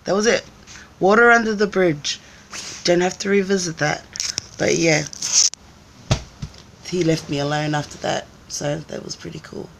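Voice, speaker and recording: A woman vlogger talking casually to her live viewers in a low, gravelly voice. She tells stories with lots of acted-out voices, and a faint noise sits behind her. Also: steady tone, moderate pace, long pauses. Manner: chatty storyteller, acts out voices, laughs often. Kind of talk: casual live-stream chat.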